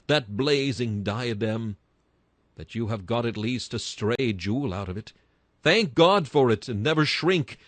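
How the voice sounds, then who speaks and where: A man's voice: mid-range voice, fairly bright tone, dry recording. A man reading a Victorian sermon aloud in an emphatic style that rises to bursts of fervor. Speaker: sermon reader.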